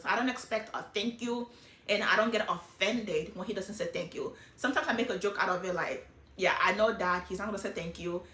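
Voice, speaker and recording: A middle-aged woman talking casually and emotionally about her life, in an animated, hyper way. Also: medium pitch, reverberant. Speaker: vlogger sharing life lessons. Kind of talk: casual personal talk.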